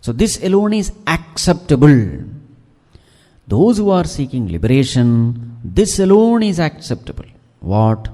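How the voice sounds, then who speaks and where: A man's voice: a little high, very animated, measured pace, mellow. A man giving a devotional discourse as a swami, posing questions and answering them himself and reciting Sanskrit verses. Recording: long hall reverb.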